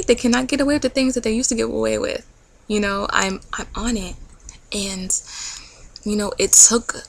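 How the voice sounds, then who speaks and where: A young woman in her twenties talking earnestly in a faith-based vlog, encouraging viewers and often dropping to a soft near-whisper. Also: medium pitch, creaky, low-quality recording. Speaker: vlogger.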